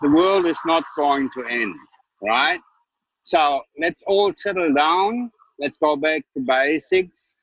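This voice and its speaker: A man's voice: on the high side, animated, slow pace, a bit bright, no echo. Male investor, German background, blunt and upbeat; muffled, dry call audio. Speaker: investor and panelist. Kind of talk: casual panel chat.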